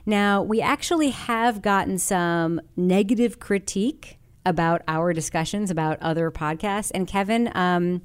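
A woman's voice: lowish voice, a little slow, clean tone. Female podcast host, casual chat, reads feedback, laughs easily. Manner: reads listener feedback aloud, laughs often.

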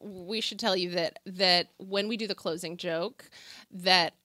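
A woman co-hosting a comedy podcast, playful and quick to laugh. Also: fairly low pitch, steady tone, pushed and bright, no room sound, clean studio sound. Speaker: podcast co-host. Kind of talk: casual comedic chat before a live audience.

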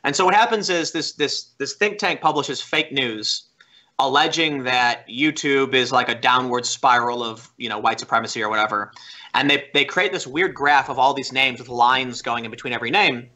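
Bright-voiced man telling a story. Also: medium pitch, normal speed. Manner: animated storytelling, lots of "like" and restarts. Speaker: podcast guest. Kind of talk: casual podcast chat.

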